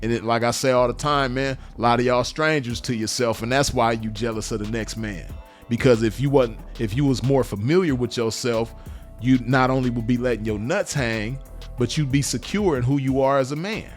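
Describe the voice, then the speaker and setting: Guy with aave ranting at the camera, blunt, cussing, repeats himself, low music behind. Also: normal speed. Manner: blunt, repetitive, profane street talk. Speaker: vlogger. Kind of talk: unscripted monologue to camera.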